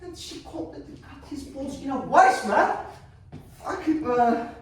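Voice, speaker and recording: Guy acting cocky rattled young dude, high voice, swears nonstop, rambles, heard from across a boomy room. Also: unhurried. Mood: agitated rant. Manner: profane, rambling, restless. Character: cocky, rattled young man ranting about family. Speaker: stage actor performing a monologue. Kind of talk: theatrical monologue. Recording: echoey room, mic far off.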